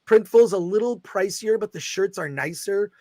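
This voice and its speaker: Middle-aged guy hosting a livestream, high voice, dry close mic, chatty and excitable. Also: moderate pace, no room sound. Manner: excitable, reads viewer super chats aloud. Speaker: host. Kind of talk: casual livestream chat.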